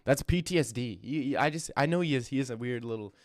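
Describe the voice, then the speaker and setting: A young man hosts a casual livestream Q&A, reading chat aloud and tossing out quick jokes. His voice sits at an ordinary middle pitch. The sound is dry and close, with no room echo. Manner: joking, reads chat aloud, quick asides. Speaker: streamer host.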